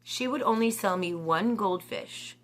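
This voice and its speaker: A woman's voice: medium pitch, a little slow, fairly bright tone. Rambling chatty woman in her forties. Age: 40s. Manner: rambling, chatty, self-mocking, says "okay?" often. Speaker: vlogger. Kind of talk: casual chat to camera.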